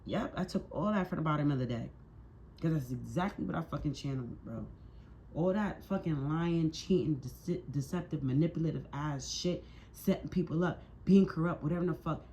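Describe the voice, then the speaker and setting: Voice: mid-range voice, brisk, dark tone, slight background noise. Tarot reader, mid-range voice, heated and preachy, heavy swearing, repetitive rhetorical questions. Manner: heated, profane and emphatic, with repeated rhetorical questions; preachy and scolding. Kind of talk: tarot reading monologue.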